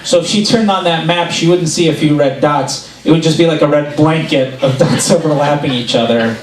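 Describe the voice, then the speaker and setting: A man's voice: fairly high pitch, fairly quick. Man doing stand-up in an echoey club. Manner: animated storytelling, acts out quotes. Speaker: stand-up comedian. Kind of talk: stand-up comedy set. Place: club stage before a laughing audience. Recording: roomy live club recording, mic at a distance.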